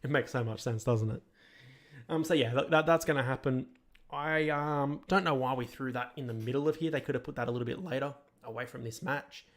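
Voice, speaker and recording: A man's voice: medium pitch, brisk. A man hosting a podcast, giving casual review commentary in an opinionated, critical way that rambles with restarts. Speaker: podcast host.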